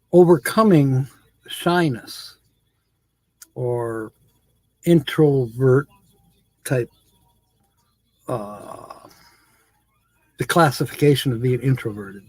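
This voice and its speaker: A man's voice: medium pitch, darkish tone, dry recording. A man hosting a live stream, chatting casually with viewers, laughing often and reading comments aloud.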